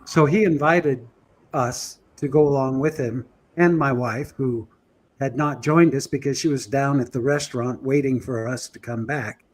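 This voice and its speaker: A male guest telling an anecdote in an animated, chuckling way. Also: mid-range voice, moderate pace. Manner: lively, chuckling, breathless storytelling.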